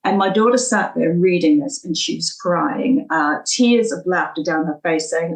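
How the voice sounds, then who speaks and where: A woman's voice: mid-range voice, animated, normal speed, hardly any pauses. Middle-aged woman, faint American accent, echoey. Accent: faint American, mixed with British after forty years in England. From United States, New York. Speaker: podcast guest, short story writer. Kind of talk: interview answers, storytelling. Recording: echoey and distant.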